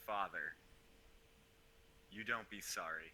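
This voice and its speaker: A man's voice: deep voice, steady tone, unhurried, pauses often, bright, forceful tone, slight background noise, rough recording. A man playing a tabletop game, speaking bluntly and confidently in character. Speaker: player.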